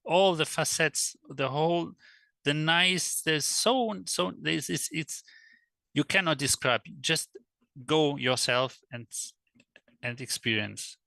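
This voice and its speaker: A man speaking English as a second language in a casual interview, halting and searching for words, at times animated. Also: a little high, gravelly, dry recording. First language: not English. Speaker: guest, electric car world traveler.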